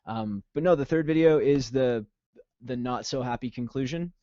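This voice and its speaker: A man's voice: medium pitch, normal speed, no room sound. Male musician guest, keen and talkative, restarts a lot; dry, dull recording. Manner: enthusiastic, rambling, many restarts. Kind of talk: casual podcast chat.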